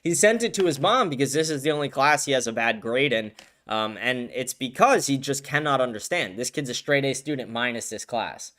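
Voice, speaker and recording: A man's voice: mid-range voice, brisk, pushed and bright. A man hosting a live-stream show, ranting bluntly in casual commentary, heavy on profanity.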